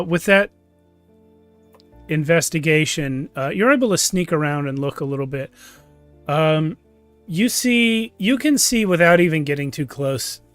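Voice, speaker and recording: A man narrating as game master of a tabletop game, relaxed and chatty, livening up during action. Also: a little high, no echo. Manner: relaxed, with fillers and restarts, lively when describing action.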